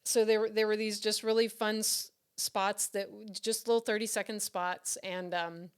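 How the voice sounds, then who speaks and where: A woman, clear and smooth in tone, chats through an interview in a loose, animated way. She laughs often and restarts her sentences, with plenty of fillers. Her pitch sits in a middle range for a woman. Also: moderate pace. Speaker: puppeteer and director, interview guest. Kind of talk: casual interview storytelling.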